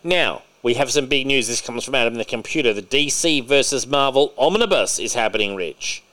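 Man, podcast host, casual chat, blunt, swears a lot, animated delivery. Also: mid-range voice, fairly quick. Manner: excitable, opinionated, swears freely. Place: podcast recording.

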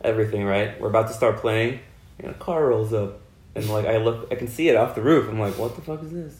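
A man's voice: on the low side, fairly quick. A man, a band member guest, telling a story in casual chat and acting out the quoted dialogue. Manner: animated, acts out quoted dialogue. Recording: roomy echo.

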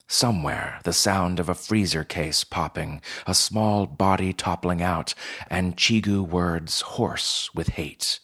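A man with a husky voice reading a story in measured, steady scripted narration. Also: deep voice.

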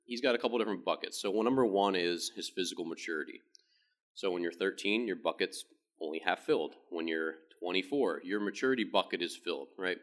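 A man, a baseball pitching coach, giving a casual, rambling explanation with frequent restarts. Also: fast talker, fairly bright tone.

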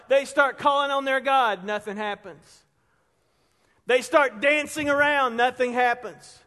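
High-voiced preacher in a reverberant hall. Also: male voice, a little slow. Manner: conversational, builds stories to loud peaks. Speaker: pastor. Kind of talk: storytelling sermon. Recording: long reverb of a large hall.

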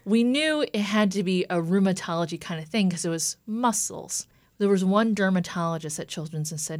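A woman in her thirties tells her story in an earnest, lively way. Her voice sits low, and the recording is dry and close. She often quotes what others said to her. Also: moderate pace, no room sound. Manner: earnest, retelling with quoted dialogue. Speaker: guest. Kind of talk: personal story in an interview.

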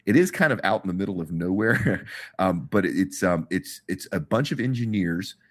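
A man's voice: low-pitched, lively intonation, normal speed. A man, hosting a casual podcast as the industry expert and upbeat as he promotes events, with plenty of fillers.

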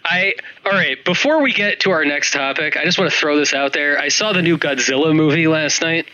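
A man chatting casually as a podcast host, excitable, swearing freely and acting out quotes in funny voices. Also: fairly high pitch, a little fast, muffled recording. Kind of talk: casual chat.

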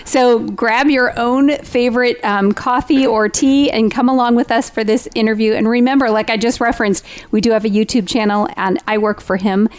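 A woman co-hosting a faith podcast, upbeat and quick to laugh as she promotes the show. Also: on the high side, steady tone. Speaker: podcast co-host. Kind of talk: casual chat.

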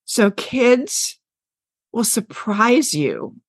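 A woman's voice: on the high side, very animated, very slow, dry recording, studio quality. Passionate older woman teacher. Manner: passionate, storytelling, emphatic. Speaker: veteran health teacher, guest. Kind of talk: podcast interview.

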